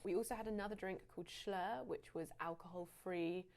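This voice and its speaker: A woman's voice: on the low side, fairly quick, creaky, darkish tone. A woman with an English accent, who teaches English, presenting a list video in a chatty, wry way.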